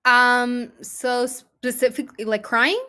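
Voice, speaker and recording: A woman's voice: on the high side, fairly even intonation, takes it slowly, pushed and bright, smooth. A young adult woman, an actress guest in a casual interview, talking chattily with many "like"s and "um"s. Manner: chatty, heavy use of "like" and "um".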